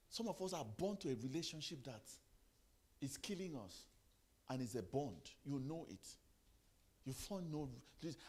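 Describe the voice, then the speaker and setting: A man's voice: fairly high pitch, darkish tone. A middle-aged man giving a motivational sermon, firing rhetorical questions, repeating phrases and giving the audience commands. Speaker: motivational speaker.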